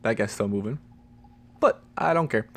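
A teenage boy hosting a let's play, chatty and muttering, with excited squeals. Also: on the low side, moderate pace. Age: teens. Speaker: gaming channel host.

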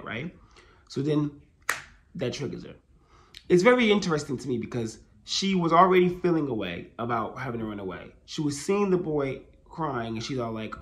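A man's voice: medium pitch, a little hiss or hum. A man who hosts a manga channel, chatting casually as he retells a chapter, using fillers like "you know what I'm saying" often. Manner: animated retelling with filler phrases. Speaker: manga reviewer. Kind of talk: casual discussion.

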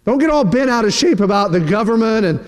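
A man's voice: high-pitched, animated, fast. A man preaching a sermon as pastor, emphatic and full of rhetorical questions and mock quotes. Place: church sanctuary. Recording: long reverb of a church hall.

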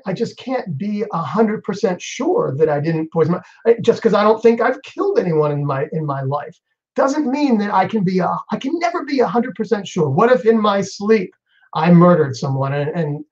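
A male psychologist speaking on an online panel, thoughtful and hesitant with frequent restarts. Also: sits high. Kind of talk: online panel answering questions. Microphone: video call. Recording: dull lo-fi video call audio.

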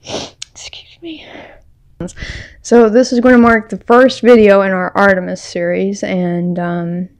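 A woman's voice: mid-range voice, little pitch movement, normal speed, few pauses. A woman hosting a vlog, telling a personal story in an earnest, casual way with lots of fillers. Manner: casual, chatty, many fillers; earnest and heartfelt. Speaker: vlog co-host.

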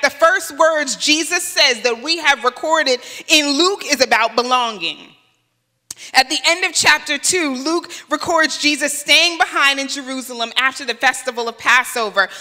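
A woman's voice: high-pitched, sharp tone, big-room sound. A woman guest pastor preaching a sermon, conversational, with rhetorical questions and light humor. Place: church sanctuary.

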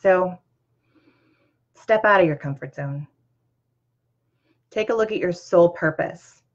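A woman's voice: fairly low pitch, takes it slowly. A woman in her thirties hosting a motivational talk, earnest and conversational, with many ums and you-knows. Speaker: host. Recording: dull lo-fi sound.

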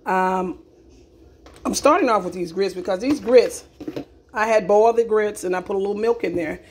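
A woman's voice: medium pitch, moderate pace, a little hiss or hum. A woman hosting a casual cooking demonstration in her home kitchen, chatty and repeating herself with lots of "okay?" asides. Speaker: cooking video host.

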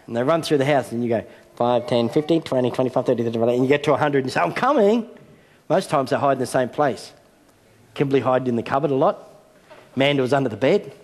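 A man's voice: medium pitch, fast, darkish tone. A middle-aged man preaching a sermon as a senior pastor, telling a story and acting out a game. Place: large church hall. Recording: long church hall reverb.

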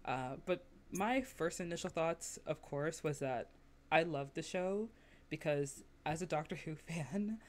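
A woman hosting a podcast, chatting casually, laughing often and acting out quotes in lively asides. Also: sits low, measured pace, a little hiss or hum. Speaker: podcast host.

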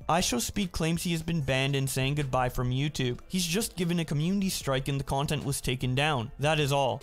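Man reading posts in an even monotone. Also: a little high. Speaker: video narrator reading tweets. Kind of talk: flat read-aloud narration of social media posts.

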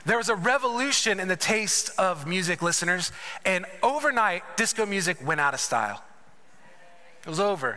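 A man's voice: high voice, bright, forceful tone. A man preaching a conference sermon that mixes personal testimony with conversational storytelling and humorous asides, in a large church sanctuary. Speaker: conference speaker. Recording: reverberant church hall.

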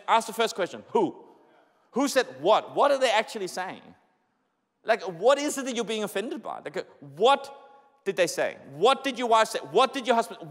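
A young male pastor preaching in a lively, conversational way, full of rhetorical questions and repetition. His voice sits high for a man and swings widely up and down. It rings out with a long hall echo. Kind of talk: sermon. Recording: echoey hall.

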